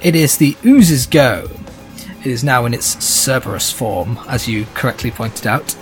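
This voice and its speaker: Male game master, measured descriptive narration, faint music bed. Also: mid-range voice, animated.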